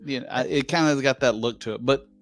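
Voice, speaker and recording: A man hosting a casual chat, joking around and reading out a listener's question slowly with many pauses. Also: mid-range voice, vocal fry, faint music behind. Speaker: host.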